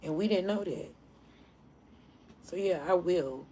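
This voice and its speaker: A woman hosting a casual live stream, telling stories in an animated way and laughing often. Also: lowish voice, slow pace, a little hiss or hum, poor audio.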